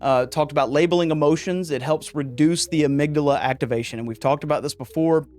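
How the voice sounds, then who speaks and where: A man's voice: fairly high pitch, fast, a little mellow, soft background music. A man hosting a podcast, talking casually and getting worked up, with jokey asides. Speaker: podcast host. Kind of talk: casual podcast monologue on men's mental health.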